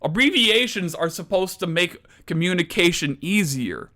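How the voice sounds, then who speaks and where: A young man delivers a mock-serious comedy lecture at an unhurried pace in a medium-pitched voice. His rant is full of exaggerated outrage that builds until he is nearly shouting.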